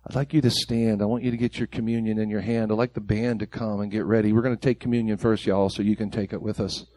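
Speaking fast in a lowish, mellow voice with little pitch movement, a man preaches to his church congregation. The pastor is emphatic and impassioned, rapidly posing rhetorical questions during the service.

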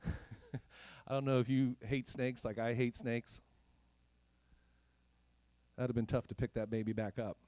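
A man's voice: medium pitch, steady tone, unhurried, long pauses, no room sound. Emphatic man preaching a sermon. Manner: emphatic and rhetorical, swings from loud questions to hushed whispers. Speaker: pastor.

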